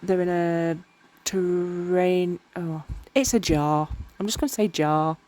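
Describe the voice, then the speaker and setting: Rambling woman, low voice. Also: slow pace, a little mellow. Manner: rambling, self-mocking, often tripping over words. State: tired. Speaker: miniature crafter. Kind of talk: casual crafting vlog narration.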